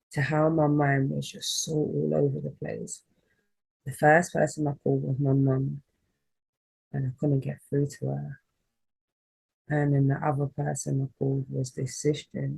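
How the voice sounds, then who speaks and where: A woman's voice: very deep voice, flat delivery, a little slow, gravelly, pauses often, mellow, breathy edge, rough recording. A woman, a spiritual reader telling an emotional personal story in a rambling, heartfelt way on her vlog.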